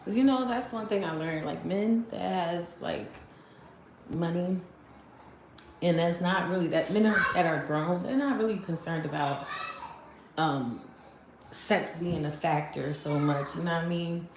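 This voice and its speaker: A woman's voice: fairly low pitch, measured pace, a little mellow, reverberant, slight background noise. A woman in her thirties chatting casually to a phone camera, rambling and laughing often. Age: 30s. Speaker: vlogger.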